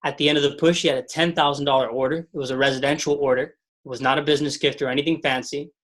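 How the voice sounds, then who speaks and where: A man's voice: mid-range voice, fairly even intonation, quick pace, fairly bright tone. A man leading a motivational sales training call, telling stories and repeating mantras with energy.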